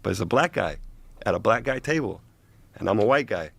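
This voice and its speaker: A man with a low, gravelly voice tells a story in a laid-back, slangy way. He sounds like a guest telling an interviewer about his past. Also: lively intonation, brisk, a bit bright, dry recording. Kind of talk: casual storytelling.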